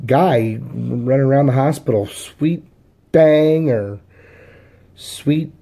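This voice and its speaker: A man's voice: medium pitch, slow pace, vocal fry, mellow. A man putting on his mother's voice as a tired, vague woman who cannot recall a name. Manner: vague and uncertain.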